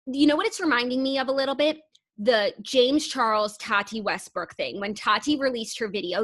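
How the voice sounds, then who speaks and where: A young woman co-hosting a pop culture podcast, chatting casually with lots of "like" and getting animated and emotional over gossip. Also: on the high side, a little fast, no echo. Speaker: podcast co-host. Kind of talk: casual chat.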